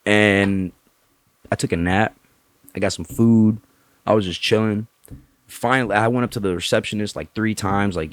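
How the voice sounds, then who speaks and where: A man tells a long anecdote on a podcast in a lowish voice, swearing freely and acting out the people in it. He sounds animated and casual, and the recording is close and dry with no room sound. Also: moderate pace, pauses often, no echo. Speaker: podcast guest. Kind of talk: casual storytelling. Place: Tampa area.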